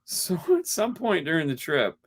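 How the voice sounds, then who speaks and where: Animated man telling stories in casual chat. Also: a little high, moderate pace, slightly rough. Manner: animated storyteller, acts out quotes, laughs often. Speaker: podcast co-host.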